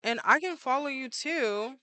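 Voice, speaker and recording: This woman's voice sits high and sounds animated yet unhurried, with a sharp tone on a dry recording. She's an artist chatting playfully and casually with viewers while she draws on stream, full of fillers.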